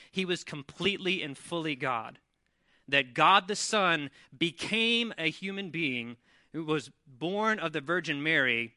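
A man preaching a sermon in a church, conversational and animated when retelling scenes. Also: fairly high pitch, no echo, clean studio sound. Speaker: pastor.

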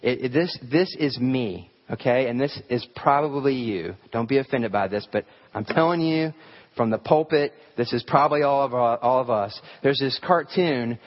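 A man's voice: mid-range voice, normal speed. Guy preaching a sermon, chatty and joking, kinda muffled recording. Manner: folksy storytelling, lots of fillers, self-deprecating humor. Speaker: pastor.

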